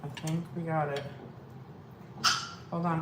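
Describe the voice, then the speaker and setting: A weight-loss coach runs a casual live cooking stream from her home kitchen, chatty and scattered as she talks straight to viewers while pets and family are about. Her voice sits low with a steady tone at normal speed, and the echoey room carries clear background noise.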